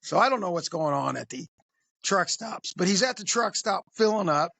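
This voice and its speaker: A podcast co-host spins a comic anecdote in a loose, rambling way, acting out what people said. The voice has a gravelly fry. The sound is dry and close. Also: mid-range voice, lively intonation, normal speed, pushed and bright, no room sound. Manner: rambling, jokey, acts out quotes. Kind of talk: casual comedic storytelling.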